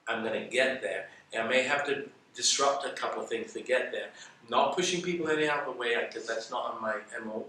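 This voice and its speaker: Bright-voiced man telling stories, echoey room. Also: medium pitch, fairly quick. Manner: animated, acts out quoted dialogue. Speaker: interview guest. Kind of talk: casual interview storytelling. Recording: echoey room, distant mic, faint noise.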